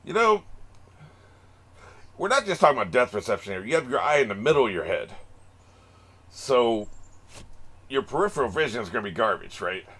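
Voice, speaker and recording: A man's voice: mid-range voice, sing-song, brisk, pauses often, fairly bright tone, slightly rough. A man hosting an anime reaction video, cracking profane jokes and laughing often in casual commentary. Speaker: anime reaction channel host.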